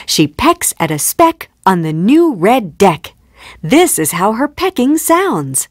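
A woman reading children's phonics rhymes in a slow storybook manner, acting out the letter sounds. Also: medium pitch, big pitch swings, dry recording, studio quality. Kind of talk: scripted narration for children.

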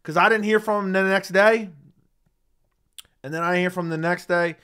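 A man with a high, clear, resonant voice hosts an MMA livestream, ranting heatedly and profanely with lots of emphasis. His tone stays steady and fairly bright at a moderate pace, picked up by a studio dynamic mic.

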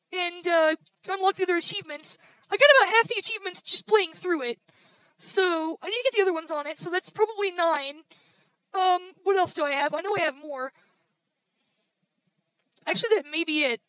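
A woman's voice: extremely high pitch, fairly bright tone, no echo, poor audio. A woman giving casual gameplay commentary, frustrated and swearing constantly. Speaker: gaming video creator.

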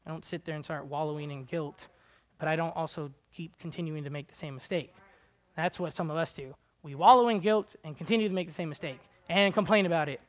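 A man preaching a conversational sermon, casual and chatty with many "like" fillers, swinging between quiet asides and loud, high exhortation. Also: a little fast.

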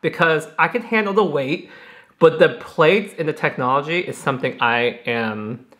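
A man, a professional hairstylist, reviewing a flat iron in a chatty, excitable, dramatic way. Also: a little high, normal speed. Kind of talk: casual product review vlog.

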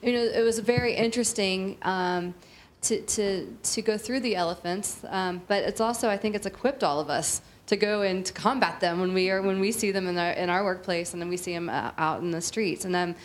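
A woman moderating a question-and-answer session, halting with many "um"s. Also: medium pitch, a little hiss or hum.

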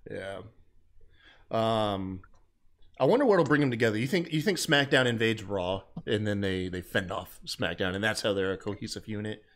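A man's voice: lowish voice, moderate pace. A man co-hosting a casual wrestling recap podcast, laid-back and jokey, slipping into quoted voices. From American South. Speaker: podcast co-host.

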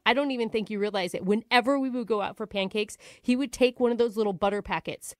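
A woman's voice: medium pitch, quick pace, dry recording, clean studio sound, lightly acted. A woman radio host playing a dramatic, gossipy ex-wife on a prank call, telling her story breathlessly.

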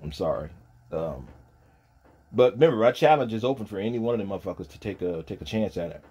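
A man delivers a profane, taunting livestream rant. He drops into low, quiet mutters, then climbs into loud, high-pitched shouting. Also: animated, quick pace, slightly rough. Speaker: streamer pastor. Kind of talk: ranting livestream monologue.

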